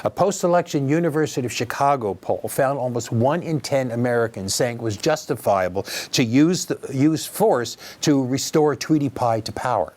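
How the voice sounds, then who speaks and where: A man's voice: mid-range voice, normal speed, few pauses, a little mellow. Opinionated male news commentator. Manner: opinionated, wry, addresses listeners directly. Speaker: commentary host.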